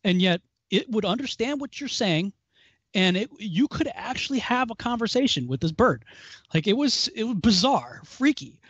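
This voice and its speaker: A man with a fairly high voice co-hosts a casual Bible study talk. He tells stories in an animated way and breaks into small chuckles. The recording is dry and a little dull, like a lo-fi call. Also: normal speed, husky, dry recording. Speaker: co-host.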